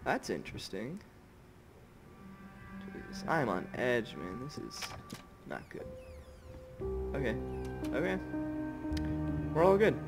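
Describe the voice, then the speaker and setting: A young man narrating his horror game run, swearing at every turn and jumping at every scare. His pitch moves around a lot. Clear game music plays behind his voice. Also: very animated, takes it slowly, long pauses. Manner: jumpy, swears constantly, drops to whispers when scared. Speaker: gamer. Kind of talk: horror game let's play commentary.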